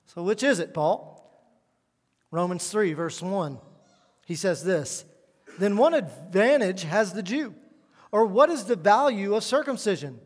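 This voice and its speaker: High-voiced preacher in a reverberant hall. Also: male voice. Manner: earnest, emphatic preaching with shifts between loud stress and quiet asides. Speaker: pastor. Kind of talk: sermon. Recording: long reverb of a church hall.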